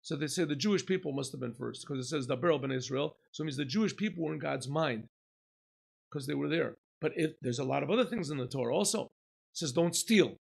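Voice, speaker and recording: In an informal Torah lesson, a rabbi answers questions he raises himself, often stopping to clear his throat. He talks a bit quickly, with a voice on the slightly high side.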